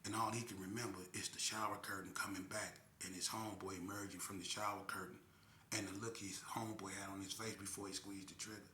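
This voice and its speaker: Bright-voiced male storyteller. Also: fairly low pitch, a little hiss or hum. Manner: animated, with sound effects and slang. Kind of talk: casual spoken crime storytelling. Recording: echoey room.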